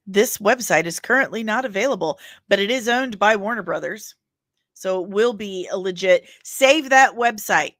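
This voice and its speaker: A woman's voice: medium pitch, measured pace, a bit bright, dry recording, clean studio sound. A woman hosting a pop culture news show in a casual, chatty way, reading viewer comments aloud and rambling into personal asides.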